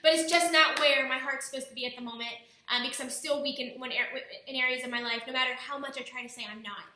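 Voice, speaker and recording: Earnest bright-voiced young woman vlogging. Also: high voice, fairly even intonation, quick pace. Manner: earnest, talkative, many restarts. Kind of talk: casual personal vlog. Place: indoors at home. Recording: very echoey room.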